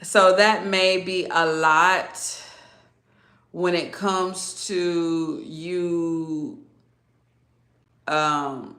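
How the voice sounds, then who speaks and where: A woman giving a casual zodiac reading, chatty and animated, laughing often. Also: on the low side, echoey room. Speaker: tarot reader.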